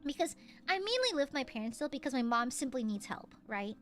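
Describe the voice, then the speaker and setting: A woman's voice: sits high, very animated, fairly quick, a bit bright, faint music behind. A young woman streamer in casual chat, rambling and laughing often. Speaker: VTuber streamer.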